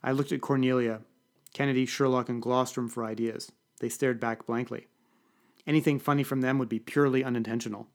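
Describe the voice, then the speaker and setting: A man's voice: mid-range voice, fairly even intonation, brisk. A man giving a dry, wry first-person audiobook narration.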